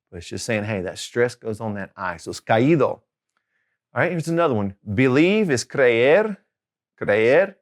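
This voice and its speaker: Man, casual language tutor, medium pitch, slows down to repeat words. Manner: chatty, repeats each Spanish word slowly. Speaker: Spanish tutor. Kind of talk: casual video lesson.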